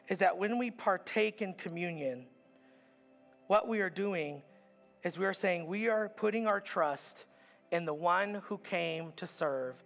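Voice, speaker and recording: A man preaching with a high, gravelly voice, his phrases stacking up in earnest repetition. He speaks as a pastor addressing his church, while faint music plays underneath. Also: a bit bright. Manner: earnest, repetitive preaching cadence with rising emphatic builds. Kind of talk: sermon. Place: church auditorium.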